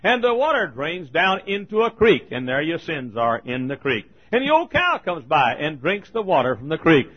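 A man preaching a fiery sermon as pastor, folksy and rising to thundering shouts. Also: a little high. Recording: lo-fi recording.

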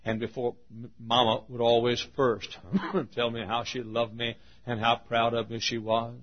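An older man preaching a sermon in a folksy way, laughing often and shouting for emphasis. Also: medium pitch, completely flat delivery, a little slow. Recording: muffled old sermon tape.

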